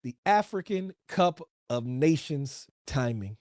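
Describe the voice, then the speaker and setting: A man's voice: mid-range voice, slow pace, dry recording, clean studio sound. Playful, slangy male football podcast host. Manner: animated, playful, slangy, rhetorical questions. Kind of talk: solo football podcast monologue.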